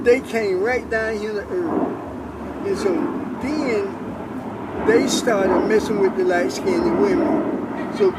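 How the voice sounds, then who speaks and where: A man's voice: high voice, very noisy. An older man giving an earnest, informal testimony about faith, repeating himself as he preaches.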